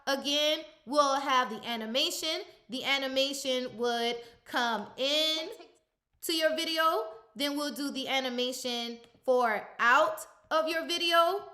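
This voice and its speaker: A young adult woman, a content coach, walks viewers through a screen-recorded editing tutorial in a chatty, step-by-step way, often pausing with "um" and "uh". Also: high voice, pushed and bright. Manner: chatty, step-by-step instruction with frequent fillers.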